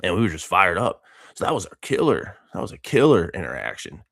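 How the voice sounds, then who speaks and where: A man in his early thirties talks through a loose, motivational monologue, rambling and laughing between thoughts with easygoing slang. His voice sits low and deep, and the recording is dry and close with little room sound. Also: wildly swooping pitch, fairly quick, gravelly, a bit bright, dry recording. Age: 30s. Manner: rambling, laid-back, laughs often, dude slang. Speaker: vlogger and coach.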